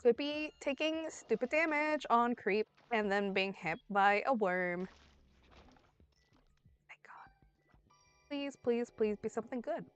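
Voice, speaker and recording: A young woman streaming a video game, talking to it as she plays, pleading, yelling and swearing freely. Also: a little high, measured pace, hardly any pauses, clear, resonant tone. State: under the weather. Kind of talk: casual gameplay commentary. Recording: dry close mic with faint game music.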